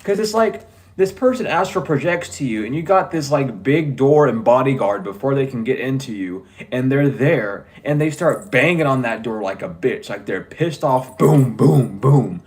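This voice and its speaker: A man's voice: medium pitch, animated, normal speed. A man giving a casual tarot reading, talking bluntly and joking with frequent swearing. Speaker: tarot reader.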